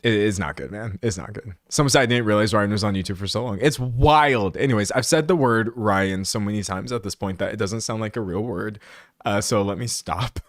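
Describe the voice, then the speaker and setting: A man's voice: lowish voice, brisk, no room sound, studio quality. A young man hosting a live stream, chatting and ranting in a loose, rambling way with frequent laughs. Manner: animated, laughs often, rambling asides. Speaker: streamer host. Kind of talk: casual live-stream commentary. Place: room indoors, siren outside at times.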